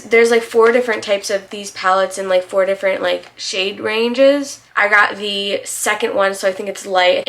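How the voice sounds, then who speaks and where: A woman's voice: medium pitch, vocal fry, fairly bright tone. A young woman with a slight lisp, chatting casually and bubbly as a beauty vlogger reviewing makeup.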